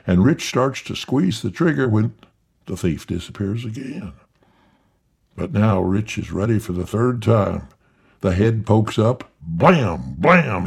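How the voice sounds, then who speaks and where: A man telling a folksy tall tale in an unhurried, drawling yarn-spinning manner. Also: lowish voice, vocal fry, dark tone, husky. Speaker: storyteller.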